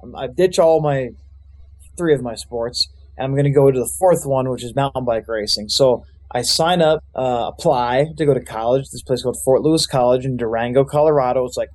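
A man's voice: mid-range voice, a little mellow. A young man, a youth pastor, telling his life story in a loose, rambling way with lots of fillers. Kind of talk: casual storytelling testimony.

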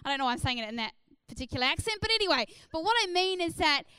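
A woman delivers a sermon in a high, bright-toned voice, earnest and encouraging. She drops in "uh" fillers often as she builds her points. The sound is close and dry, with no room echo. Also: sing-song, very fast. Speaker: preacher.

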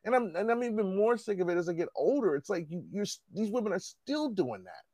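A man's voice: high voice, very animated, a little fast, darkish tone, no room sound. A man in casual conversation, ranting bluntly and profanely. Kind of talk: casual chat.

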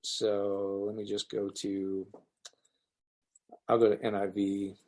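A man's voice: on the low side, slow pace. A man teaching the Bible in a casual online session, talking loosely and acting out the quoted voices of others as he reads. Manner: animated, acts out quoted voices. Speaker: pastor.

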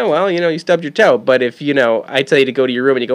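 A man speaking as a father in a loose, unscripted monologue. He talks at a middle pitch, rambles, swears often and restarts his sentences, repeating words as he finds his way. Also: quick pace, hardly any pauses. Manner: rambling, profane, many restarts. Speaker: father talking about his son. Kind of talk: casual monologue.

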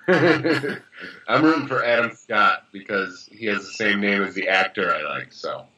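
A man co-hosting a sports podcast with a bright, sharp-edged voice. He keeps things laid-back, drops in short remarks and laughs a lot. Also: lowish voice, unhurried, breathy edge, poor audio. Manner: laid-back, laughs often, chimes in briefly. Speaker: podcast co-host. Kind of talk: casual sports podcast chat.

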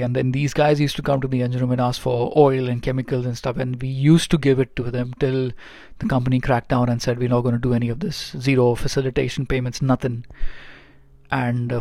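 A man's voice: mid-range voice, creaky, a little mellow, no room sound. A man who works as a ship's engineer, telling stories from aboard in a rambling, casual way with many fillers and restarts. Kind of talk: casual storytelling vlog. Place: aboard a ship.

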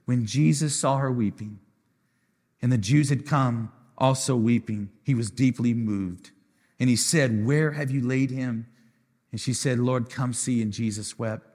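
A man who is a pastor preaching a sermon with passion, swinging between loud declarations and soft, quiet asides. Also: medium pitch, a little slow, husky. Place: church sanctuary. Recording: live church hall with music behind.

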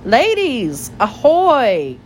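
A woman reading a storybook aloud and voicing a blustering, old-fashioned male frog gentleman with a hearty, flustered manner. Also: on the high side, wildly swooping pitch, extremely slow, a little hiss or hum, voice pushed up, full character voice.

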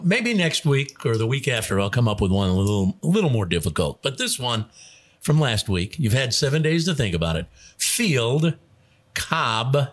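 A man hosting a radio show, telling jokes in a casual, chuckling way. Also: medium pitch. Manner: animated joke-telling with voices and chuckles. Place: radio studio.

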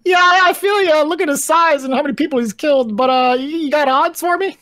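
A woman's voice: high-pitched, quick pace, a bit bright. A woman playing a tabletop game and trading joking banter with the other players. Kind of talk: casual tabletop play.

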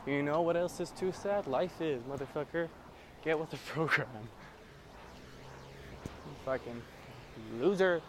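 A man rambles through a casual solo podcast, cursing freely and drifting from one gripe to the next. His voice sits a little higher than most men's, and faint vehicle noise hums behind him. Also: moderate pace. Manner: profane, rambling, scats and sings improvised blues. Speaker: podcast host.

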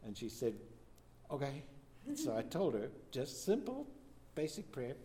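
A man, a pastor, telling a church testimony as a lively storyteller who acts out the quoted lines. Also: mid-range voice, a little slow. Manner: animated storyteller, voices quotes.

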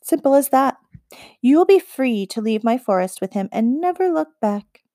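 Witch queen of the forest, cold and mocking, drawn-out lines, dry close sound, read by a woman. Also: sits high, very animated, dark tone, no room sound, pitched above the performer's own voice. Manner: mocking, slow and deliberate. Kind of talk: audiobook character reading.

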